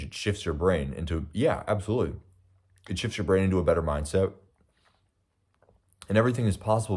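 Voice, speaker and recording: A man's voice: low-pitched, a little mellow, husky. A young American man hosting a casual livestream, eating breakfast while he reads and answers viewer comments in a rambling, reflective way with many fillers. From United States. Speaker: livestream host.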